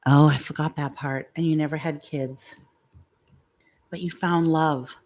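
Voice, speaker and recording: A woman's voice: low-pitched, steady tone, a little slow, darkish tone. A middle-aged woman vlogging from her home, chatting to viewers with rambling, confiding asides and stories. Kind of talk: chatty live vlog talking to viewers.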